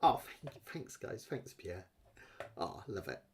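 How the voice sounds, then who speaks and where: Speaking slowly in a lowish, sing-song voice with vocal fry, a man gives an online ukulele lesson live, a little hiss or hum on the close-up webcam recording. Ukulele plays in the background while he chats warmly, encourages students, and occasionally sings with his playing.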